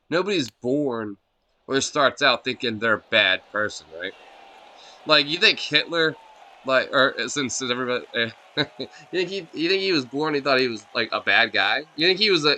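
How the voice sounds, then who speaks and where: A man's voice: medium pitch, pushed and bright. A man streaming a video game live, ranting casually and swearing a lot in a scornful tone.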